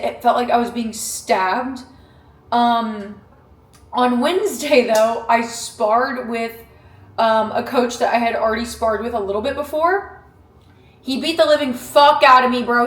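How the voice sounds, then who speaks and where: A young woman talking candidly to camera in a casual vlog, profane and animated. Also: a little high. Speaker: vlogger training for a boxing match. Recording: echoey room.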